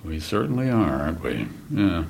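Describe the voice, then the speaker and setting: A man from Saskatchewan, Canada, a broadcaster who is a guest in an interview, talking in an unhurried, comforting conversational way. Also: deep voice, very animated, creaky, a little mellow, slight background noise. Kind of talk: casual interview chat.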